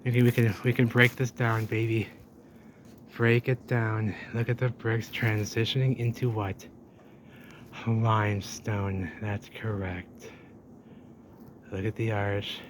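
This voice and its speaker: Male explorer vlogger, mid-pitched, exclamatory walk-and-talk in an outdoor canal, with noisy ambience. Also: a little slow. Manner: excitable, exclamatory, talks to the camera as he walks. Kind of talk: handheld walking commentary. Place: outdoors in an old drained canal.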